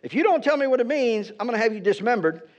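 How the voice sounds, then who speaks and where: A man's voice: very high voice, expressive, quick pace, pitched above the performer's own voice. A man preaching, voicing a demanding ancient king who makes threats. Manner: commanding, threatening. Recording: dull lo-fi recording.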